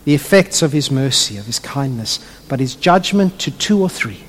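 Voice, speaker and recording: A man preaching a sermon to a congregation. He is animated and drops his voice low when he retells a story. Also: moderate pace, long reverb tail. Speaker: pastor.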